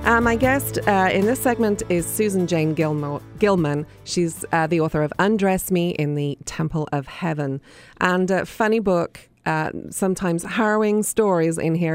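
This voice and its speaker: A woman's voice: on the low side, dry recording. A woman hosting a radio interview, speaking hesitantly with many fillers. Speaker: radio host.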